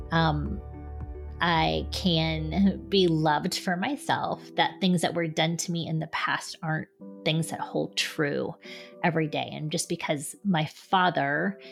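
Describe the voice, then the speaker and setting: A woman's voice: sits low, vocal fry. A middle-aged woman giving an earnest, conversational faith testimony as an author and speaker. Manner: earnest, conversational, frequent "like" and "right?".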